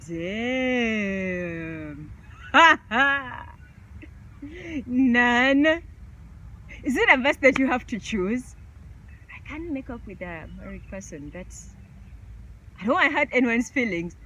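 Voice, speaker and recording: A woman's voice: on the high side, animated, slow, long pauses, sharp tone, dull audio. A woman vlogger chatting casually through a question game, laughing often.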